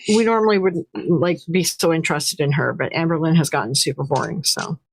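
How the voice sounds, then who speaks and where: A woman's voice: low-pitched, brisk, vocal fry, husky, no room sound, low-quality recording. A woman hosting a livestream, chatting in a rambling way with lots of fillers. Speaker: livestream host. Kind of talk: casual chat.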